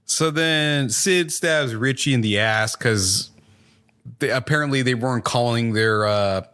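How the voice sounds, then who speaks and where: A man's voice: medium pitch, a little slow, a bit bright, clean tone. Profane casual man recapping a show. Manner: profane, rambling plot recap with fillers. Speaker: podcast co-host reviewing a TV show.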